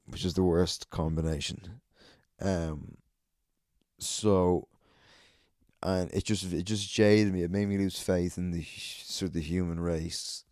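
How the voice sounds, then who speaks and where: Brief: Irish man, 30s, solo podcast host, deep and dark, sweary, sardonic rambling stories. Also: dry recording, studio quality.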